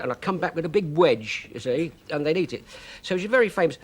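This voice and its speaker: A man's voice: fairly high pitch, lively intonation, fast talker, husky. Chatty man recalling his childhood. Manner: chatty, lots of "you see", hesitant fillers. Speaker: guest storyteller. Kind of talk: anecdote telling on a chat show.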